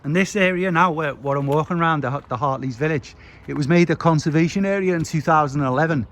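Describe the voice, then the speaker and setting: A man's voice: fairly high pitch, fast, fairly bright tone, poor audio. A man narrating a casual walking vlog outdoors, chatty and rambling, with fillers. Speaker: vlogger. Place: outdoors on a street. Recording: outdoor traffic noise behind.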